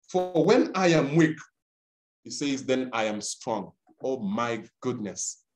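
A man's voice: on the high side, darkish tone. A man from Rwanda who is a pastor, preaching a sermon with emphatic, stuttering repetitions. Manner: repeats words and phrases, pleading and emphatic. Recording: roomy echo.

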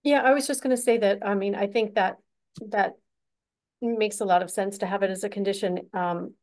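A woman's voice: mid-range voice, steady tone, moderate pace, a little mellow. Woman, town meeting, explanatory tone, lots of ums and restarts. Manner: explanatory, many fillers and restarts.

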